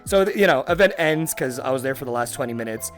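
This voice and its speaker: A young adult man hosting a podcast, telling a story in a casual, excitable way with heavy swearing and lots of fillers. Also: mid-range voice, quick pace, faint music behind. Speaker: podcast host.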